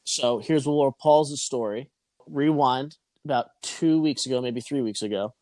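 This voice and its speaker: A man's voice: medium pitch, moderate pace, darkish tone, dry recording. A man in his twenties telling a long story in casual chat, rambling and swearing, with frequent restarts.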